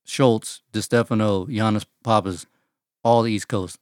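A man's voice: lowish voice, fairly even intonation, unhurried, darkish tone, no room sound, clean studio sound. A man co-hosting a podcast in casual chat, profane and joking, acting out quotes as he talks. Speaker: podcast co-host.

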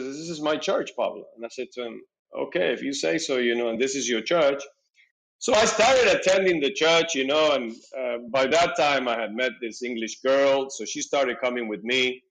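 A man's voice: medium pitch, rough recording. A middle-aged man telling a personal story in casual conversation, acting out his own and others' lines with frequent fillers. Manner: animated, acts out dialogue, frequent "you know". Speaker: podcast guest.

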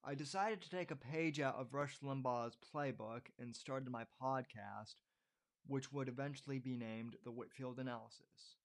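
A man's voice: mid-range voice, normal speed. A man in his twenties, a podcast host, reads his own essay aloud and breaks off for unscripted asides to his listeners, with frequent uh fillers. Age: 20s. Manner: addresses listeners as folks and ladies and gentlemen.

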